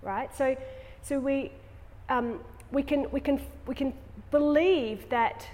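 Speaking slowly in a high, darkish voice, this yoga teacher chats loosely with her class and tosses out plenty of tag questions, then leads them into a guided relaxation. Her words ring through an echoey studio with long reverb.

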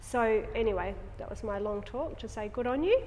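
A fairly high, darkish-toned woman with lively intonation addresses her yoga class at a moderate pace, conversational and meandering, asking many tag questions prior to a guided relaxation. Some light background noise mixes with the studio's long, echoey reverb.

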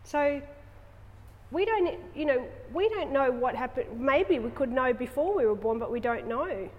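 Speaking at a moderate pace, a yoga teacher with a high voice and lively intonation chats with her class, captured on lo-fi sound in an echoey, long-reverb studio. Her talk is rambling and full of tag questions, leading into a guided relaxation.

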